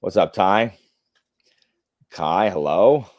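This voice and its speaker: A man with a very low voice hosts a casual live stream from home, reading viewer comments aloud as he goes. His talk rambles, full of fillers and restarts, with blunt opinions dropped in. The sound is close and dry, with no room around it. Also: drawn-out words, no echo, dull audio. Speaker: livestream host.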